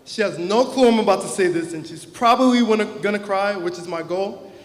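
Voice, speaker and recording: A young man with a high voice delivers an earnest, heartfelt graduation speech from the stage. His words ring out through a big hall with a long, echoing reverb. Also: brisk. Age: young adult. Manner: earnest, heartfelt, emotional at times. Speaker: class president giving a graduation speech. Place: large hall or auditorium. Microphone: microphone on a stage.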